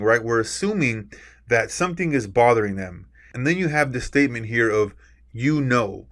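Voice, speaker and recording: In a recorded lecture, a male course instructor with a mid-range, somewhat bright voice works through examples. He leans on key words deliberately and often finishes with a "right?".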